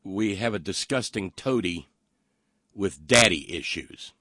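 Deep-voiced sarcastic male talk host. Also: expressive, sharp tone, no room sound, clean studio sound. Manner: mocking, sarcastic, halting with many fillers. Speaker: political talk show host. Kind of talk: sarcastic political commentary with listener comments.

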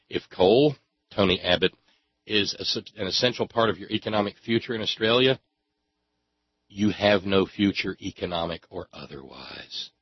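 Man ranting sarcastically, husky voice, dry dull lo-fi recording. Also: on the low side, moderate pace, no room sound. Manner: sarcastic, angry, swears freely. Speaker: political commentator. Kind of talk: ranting commentary.

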